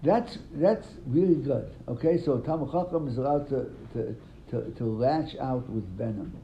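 A man's voice: mid-range voice, moderate pace, mellow, slight background noise. A man teaching a Talmud class, quizzing his students and retelling stories animatedly, often repeating words. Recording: dull lo-fi sound, faint room ambience.

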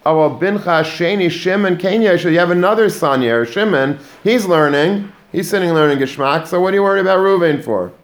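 A man's voice: high voice, a little fast, hardly any pauses, pitched above the performer's own voice, close to an everyday voice. A man voicing a yeshiva staff member who brushes off a father's worry in a coaxing tone.

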